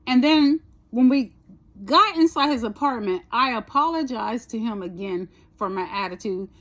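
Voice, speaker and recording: A chatty woman with a slightly high voice recounts a trip in a loose, rambling storytime style. She swears casually and keeps checking in with "right?", speaking. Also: animated, moderate pace, muffled recording. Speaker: storytime vlogger.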